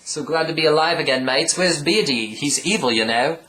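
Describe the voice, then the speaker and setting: A man's voice: fairly high pitch, fairly quick, pushed and bright, pitched above the performer's own voice, poor audio. A man voicing a breezy, chummy male adventurer in a comic storybook reading. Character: cheery resurrected male adventurer calling everyone mates.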